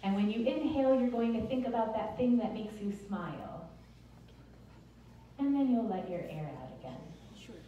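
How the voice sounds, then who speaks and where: A woman teaching the Alexander Technique, gently and encouragingly guiding a group through an exercise step by step. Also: a little high, expressive, moderate pace, long pauses, muffled recording. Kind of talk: guided group exercise instruction. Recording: roomy distant mic with faint noise.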